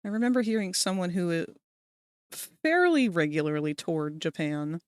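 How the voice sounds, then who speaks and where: A woman's voice: lowish voice, moderate pace, smooth, no echo, studio quality. A woman streamer chatting casually while she works live, telling rambling stories and talking to her viewers. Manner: chatty, rambling storyteller, talks to chat viewers.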